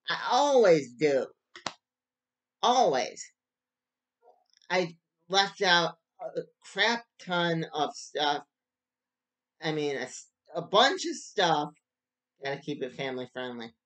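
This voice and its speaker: A man's voice: on the high side, a bit bright. A man giving a casual solo book review, rambling and stop-start with frequent restarts.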